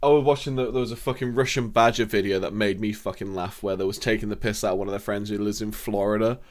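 A man's voice: lowish voice, steady tone, quick pace. A young man telling rambling, sweary stories in a casual gaming chat. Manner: rambling, sweary storytelling with laughs.

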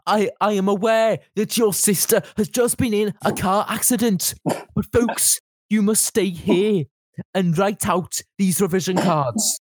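A man doing a mocking impression of a pompous, stern male schoolteacher who talks in a formal, drawn-out way. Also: sits high, no echo, pitched above the performer's own voice.

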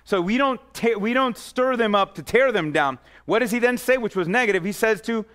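A man with a high-pitched voice preaches like he's chatting with his congregation. He speaks directly to parents and kids, restarts phrases and repeats himself, and often drops his voice low and quiet to drive a point home. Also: lively intonation, brisk. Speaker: pastor. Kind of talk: sermon.

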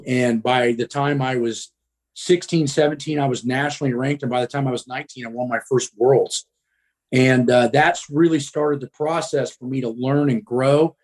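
A middle-aged man from the Midwest speaks as a guest, telling his story bluntly and casually. He swears freely, fills his pauses with ums, and sits at an ordinary male pitch. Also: steady tone. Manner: blunt, profane, frequent ums.

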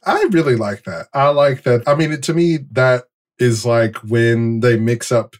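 A man's voice: medium pitch, measured pace. A man co-hosting a TV podcast in loose, rambling casual chat with fillers and laughs. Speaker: podcast co-host.

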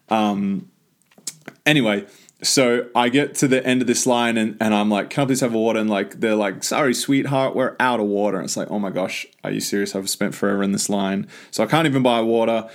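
Aussie bloke telling a story, low voice, kinda monotone, keeps restarting himself. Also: male voice. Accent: Australian. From Australia. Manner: enthusiastic, rambling with many restarts. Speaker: podcast host. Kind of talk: casual storytelling monologue.

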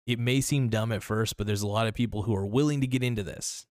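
A man hosting a casual solo podcast, talking in a loose, rambling, profane way with many restarts, his voice a little worn and hoarse. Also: on the low side, fairly even intonation, quick pace, darkish tone, no echo, studio quality. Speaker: podcast host.

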